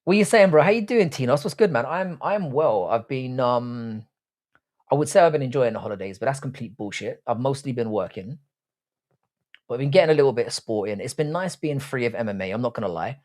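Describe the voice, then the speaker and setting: A man's voice: mid-range voice, expressive, fairly quick, darkish tone. A young man hosting a live stream, reading out viewer comments and answering them with crude, cocky banter and calling himself "your boy". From Britain. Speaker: livestream host.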